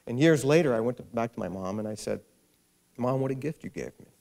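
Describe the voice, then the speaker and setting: A man's voice: medium pitch, expressive, fairly quick, gravelly, a little mellow. A middle-aged man, the featured author at a library event, telling a funny anecdote to an audience and acting out the people in it. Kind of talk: storytelling talk to an audience. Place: event hall before a live audience.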